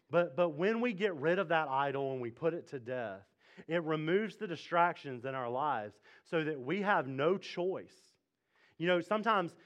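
Animated pastor preaching with lively pitch. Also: male voice. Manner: animated preaching, acts out prayers with rising intensity; conversational asides with fillers and laughs. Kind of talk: sermon. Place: church.

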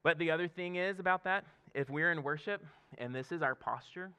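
A man's voice: a little high, fairly quick, sharp tone, clean tone. A man in his thirties, a pastor, giving a conversational sermon with laughs and frequent "okay?" check-ins to the congregation.

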